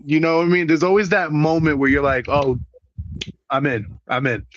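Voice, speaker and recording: Brief: man from Puerto Rico, wrestler guest, animated and profane storyteller, somewhat high voice, dull dry lo-fi audio. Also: moderate pace, slight background noise. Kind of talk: casual interview chat.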